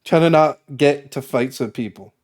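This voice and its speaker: A man's voice: mid-range voice, moderate pace, darkish tone. Casually rambling, swearing young man. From Massachusetts. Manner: rambling, swearing, laughs often. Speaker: streamer. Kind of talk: casual chat on a livestream.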